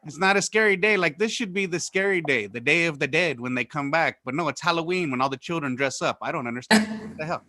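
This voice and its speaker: A man, doing loud, profane stand-up on a video call and laughing through his stories. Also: a little high, fast. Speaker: comedian.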